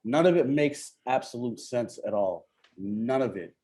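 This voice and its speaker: Casual slangy man, mid-pitched, easygoing podcast guest. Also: lively intonation, a little slow, mellow. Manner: laid-back, slangy, laughs often. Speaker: rapper guest. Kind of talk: casual chat.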